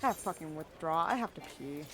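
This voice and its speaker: Lively, bright-voiced woman streamer cursing. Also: sits low, brisk, a little hiss or hum. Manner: frustrated, swearing, grumbling at the game. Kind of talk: casual game streaming.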